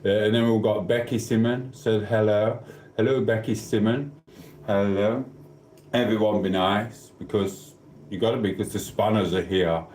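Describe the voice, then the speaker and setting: Man, South Yorkshire accent, live stream host, playful teasing chat, slightly deep voice, echoey room. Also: steady tone, normal speed, a little mellow, a little hiss or hum. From Sheffield, England. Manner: playful, teasing, reads chat comments aloud. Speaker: livestream host. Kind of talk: casual live chat with viewers.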